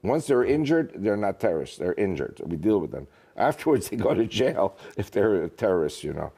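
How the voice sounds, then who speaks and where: Male guest, lively and joking, pitch swinging freely. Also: normal speed, gravelly, husky. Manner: animated, joking storyteller. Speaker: guest, author and politician. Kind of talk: casual interview talk.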